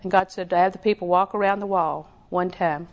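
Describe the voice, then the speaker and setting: A woman's voice: fairly low pitch, fairly even intonation, brisk, muffled recording. A middle-aged woman, preaching a sermon in a folksy, storytelling way with lots of repetition.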